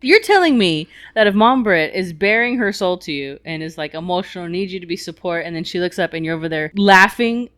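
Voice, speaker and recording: A woman's voice: lowish voice, animated, a little fast, hardly any pauses, fairly bright tone. A young woman co-hosting a podcast, chatting casually, laughing and arguing back. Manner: laughing, incredulous, argumentative. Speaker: podcast co-host. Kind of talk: casual chat.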